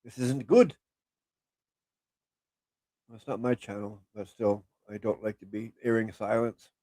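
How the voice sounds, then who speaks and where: A man's voice: on the low side, steady tone, a little slow, dark tone, no echo. A man co-hosting a casual live stream, joking and self-deprecating. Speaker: show co-host.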